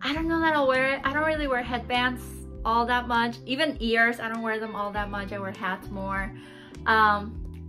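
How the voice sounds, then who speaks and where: A young woman with an excited, giggly way of talking, chatting casually as she unboxes a mystery box for her channel. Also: fairly high pitch, normal speed. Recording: background music.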